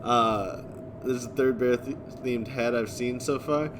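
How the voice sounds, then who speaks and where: A man live-streaming, reading and answering viewer chat in a relaxed way, chuckling often. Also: mid-range voice, unhurried, noisy background. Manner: laid-back, chuckling often, thanking viewers.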